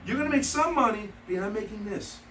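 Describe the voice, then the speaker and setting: A man's voice: sits high, expressive, fast talker, fairly bright tone, slight background noise. A man giving a motivational seminar talk to trainees, emphatic and repetitive, telling stories with quoted dialogue. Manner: emphatic, repeats key points. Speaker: speaker training insurance agents. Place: meeting room with live audience. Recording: echoey room, mic from a distance.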